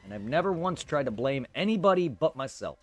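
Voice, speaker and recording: A man's voice: on the high side, very animated, a little fast, soft background music. A male streamer talking to his live chat, frustrated and venting.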